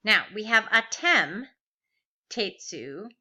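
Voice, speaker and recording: A woman's voice: medium pitch, sing-song, slow, pushed and bright, dull audio. A woman teaching a recorded grammar lesson, patiently walking through verb forms step by step and asking rhetorical questions. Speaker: Biblical Hebrew teacher.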